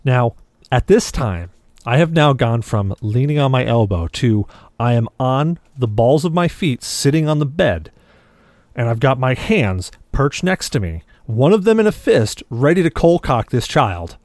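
On a casual gaming podcast, a co-host tells a story full of play-acted dialogue in a middle-pitched, darkish voice. He's very animated yet speaks a little slowly, and the sound is dry and close with no room echo.

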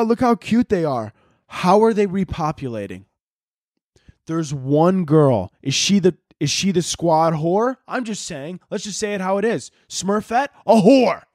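A man from the Chicago area talks through a solo podcast in a loose, rambling monologue. He swears freely and fills his sentences with "like" and "you know." His voice sits fairly high and sounds dry and close to the mic. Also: darkish tone, no room sound. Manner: profane, rambling, filler-heavy. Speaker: podcast host.

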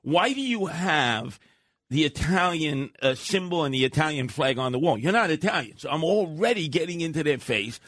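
An older man, co-hosting a talk radio show and telling loud, blustery stories in which he acts out his own shouting. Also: a little high, expressive, moderate pace, dry recording, studio quality. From Brooklyn, New York. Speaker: radio co-host. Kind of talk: animated storytelling.

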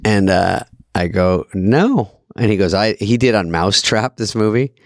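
A man's voice: lowish voice, moderate pace, dry recording, studio quality. A man hosting a casual talk, playful and laughing often as he tells stories. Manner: playful, laughs often, quotes others in a flat voice. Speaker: podcast host. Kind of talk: casual chat.

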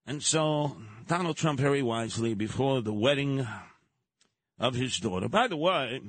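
A male talk radio host rants through his monologue, his pitch swinging widely as he slips into mocking impressions. His voice is slightly husky, and the mic sounds dry and close. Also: moderate pace, no room sound. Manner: animated, jumping into mocking impressions.

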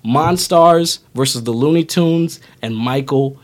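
With a medium pitch and a measured pace, a man co-hosts a casual podcast, playfully rambling through a movie plot and using put-on voices. A little hiss or hum can be heard in the recording.

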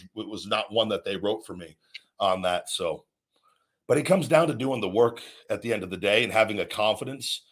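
A man's voice: fairly low pitch, fairly bright tone. A man hosting a podcast and talking earnestly about work and confidence, rambling with many restarts. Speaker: podcast host, former wrestler. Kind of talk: motivational podcast talk.

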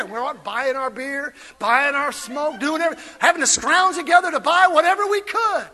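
A man preaching an energetic, playful sermon in a church, calling out to the congregation and laughing along with it. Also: extremely high pitch, a little fast, hardly any pauses. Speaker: pastor.

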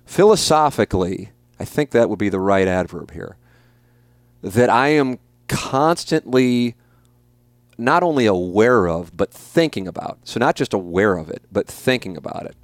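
A man's voice: fairly low pitch, lively intonation, normal speed, dry recording. A man in his forties hosting a podcast, answering listener questions in a blunt, emphatic and profane way, often repeating his points. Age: 40s. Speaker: podcast host.

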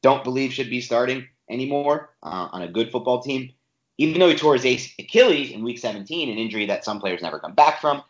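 A man co-hosting a casual sports podcast, talking emphatically and restarting his sentences often. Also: mid-range voice. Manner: animated, emphatic, with frequent restarts. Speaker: podcast co-host. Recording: roomy, slightly dull home podcast audio.

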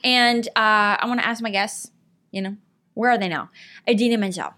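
A woman hosting a comedy talk show, firing off quiz questions with deadpan, mock-insulting jabs at her guest. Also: medium pitch, moderate pace. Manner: dry, mock-insulting quizmaster.

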